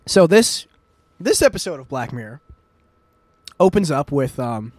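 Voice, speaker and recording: A man's voice: fairly high pitch, sing-song, a little slow, darkish tone, no echo. A man hosting a podcast in casual chat, retelling things in a rambling way with many fillers and swearing. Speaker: podcast host.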